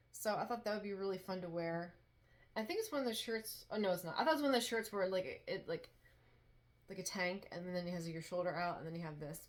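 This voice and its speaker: A woman's voice: medium pitch, a bit bright. Woman vlogger, casual and rambling, chatting at home about thrift finds. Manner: chatty, rambling, frequent "like" and restarts. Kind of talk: casual chat. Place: home dining room.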